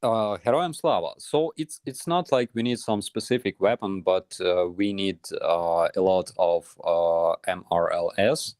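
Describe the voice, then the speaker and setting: Man, Ukrainian accent, unhurried, halting, smooth voice. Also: sits low, a little mellow, no room sound, clean studio sound. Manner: hesitant, many pauses and fillers. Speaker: guest soldier. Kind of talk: casual chat, storytelling.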